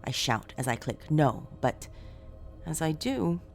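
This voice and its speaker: A woman tells a first-person horror story with dramatic, expressive delivery, dropping to hushed tones and rising to shouts. Her pitch is lively and moves a lot. Soft music plays faintly under her voice. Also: slow pace, gravelly.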